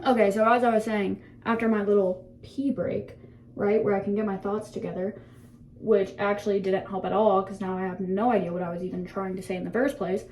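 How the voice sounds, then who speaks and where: A woman's voice: mid-range voice, fairly even intonation, a little fast, darkish tone, a little hiss or hum. A seventeen-year-old woman chatting casually to her phone camera in a bathroom, rambling, laughing often and swearing freely as she reflects. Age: teens. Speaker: vlogger.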